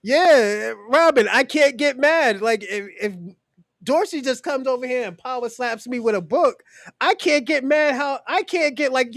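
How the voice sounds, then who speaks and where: A man's voice: extremely high pitch, unhurried, fairly bright tone, no room sound, studio quality. A man hosting a podcast who gives blunt, profane opinions in casual talk and speaks straight to his co-hosts. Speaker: podcast host.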